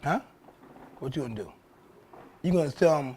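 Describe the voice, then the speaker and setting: A man's voice: on the high side, big pitch swings, moderate pace, long pauses, darkish tone, slight background noise. A man, hosting his own show in a blunt, profane casual monologue that repeats points for emphasis. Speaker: show host.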